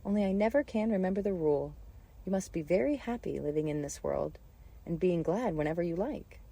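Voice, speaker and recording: A woman's voice: fairly low pitch, lively intonation, a little fast, creaky, dark tone. A woman voicing a flustered, scatterbrained old queen who frets and shrieks when upset, reading a storybook. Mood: fretful. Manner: fretful, shrieking at times.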